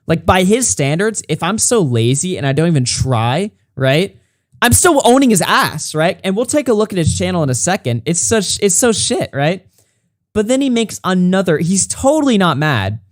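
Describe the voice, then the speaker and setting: A man's voice: sits high, big pitch swings, moderate pace, no echo, studio quality. Mocking, foul-mouthed male streamer. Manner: mocking, sarcastic, heavy swearing. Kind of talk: profane reaction commentary.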